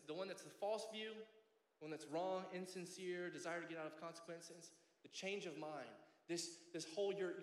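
A man in his thirties preaching a sermon as pastor, passionate and conversational, often checking in with "right?". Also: a little high. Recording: echoey hall reverb.

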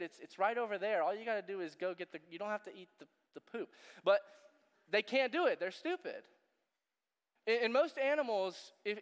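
A man's voice: sits high, long reverb tail. A man preaching a sermon in a casual, joking way, full of fillers and asides. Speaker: pastor.

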